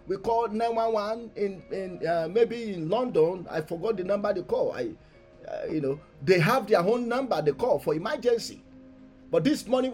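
Brief: high-pitched male pastor, fervent sermon delivery, soft asides rising to loud declarations, faint music underneath. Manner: emphatic preaching, swinging between soft asides and loud proclamations; repeats key phrases for emphasis. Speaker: pastor leading a morning prayer meeting.

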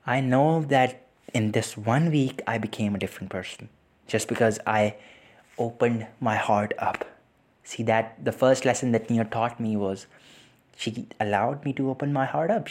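A young man hosting a podcast, recounting a painful loss in a halting way, with repeated words and sighs, close to tears. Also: medium pitch, darkish tone. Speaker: podcast host. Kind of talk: personal reflective storytelling.

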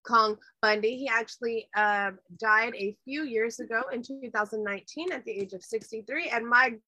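Host, woman, high bright voice, excitable and foul-mouthed. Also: normal speed, no room sound. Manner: excitable, swears freely. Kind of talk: casual chat.

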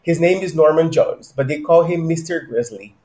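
A man's voice: fairly high pitch, normal speed, warm tone, a little hiss or hum. Chatty man in an echoey room. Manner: laughs easily, chatty with filler ums. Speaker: podcast co-host. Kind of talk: casual book discussion. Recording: roomy echo.

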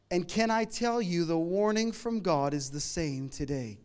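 A middle-aged man preaching a sermon in a conversational, humorous way, moving between loud emphatic lines and quiet asides. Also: sits high, lively intonation, moderate pace. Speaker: pastor.

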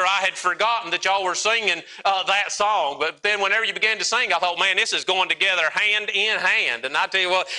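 A man preaches to his church in a folksy, earnest storytelling manner. His voice sits fairly high and rings very bright and forceful. He is a down-home preacher talking plainly to his congregation. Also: poor audio. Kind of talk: sermon with a folksy personal story. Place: church service.

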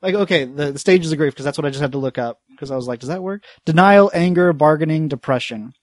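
A man's voice: on the high side, quick pace, no room sound, studio quality. A man, a guest on a movie podcast, rambling and giggly, slipping into silly voices. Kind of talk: casual movie podcast chat.

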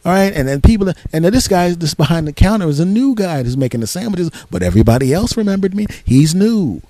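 A man hosting a podcast, telling a story in an animated, exasperated rant. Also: sits high, quick pace, no room sound. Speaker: podcast host. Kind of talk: casual comic storytelling.

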